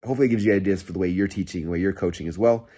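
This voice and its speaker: A man in his thirties hosting a podcast, telling a story in a casual, excited, rambling way with lots of fillers and restarts. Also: sits low, very fast. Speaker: podcast host.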